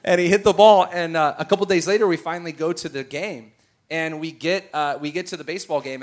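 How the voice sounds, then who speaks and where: A middle-aged man preaches, weaving a family story into his sermon. His voice sits a bit high, and he swings from quiet asides to excited shouts at the big moments. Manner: animated storyteller, shouts at peaks.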